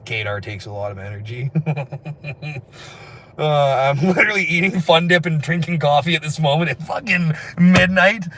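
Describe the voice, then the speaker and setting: Fast-talking Canadian man livestreaming. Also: a little high, fairly bright tone. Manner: very fast, rambling talk with frequent laughs. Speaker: livestreamer reading chat. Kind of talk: late-night livestream chat. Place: indoors at night, after a street walk.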